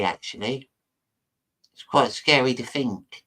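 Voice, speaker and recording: Bright-voiced man riffing on a video. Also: medium pitch, unhurried. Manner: chatty, mocking, stumbles over his words. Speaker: host reacting to a video. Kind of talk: casual reaction commentary.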